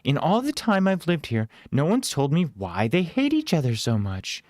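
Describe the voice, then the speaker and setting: A man doing a high, cheerful young woman. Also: wildly swooping pitch, moderate pace, darkish tone, dry recording, clean studio sound. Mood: curious. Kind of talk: storybook reading.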